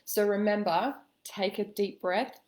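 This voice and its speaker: A woman coaching listeners in a calm, gentle way, giving a spoken self-help lesson with slow pauses. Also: mid-range voice. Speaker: intuitive coach.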